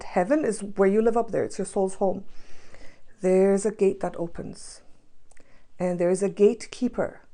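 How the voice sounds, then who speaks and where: Woman, spiritual reader, earnest and soft-spoken storyteller, laughs easily. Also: medium pitch. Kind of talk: storytime vlog.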